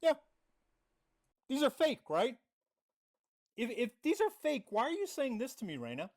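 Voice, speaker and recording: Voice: sits high, huge pitch swings, measured pace, long pauses, darkish tone. A livestream host giving confrontational commentary, reading out messages and mocking the other side. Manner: reads out chat messages.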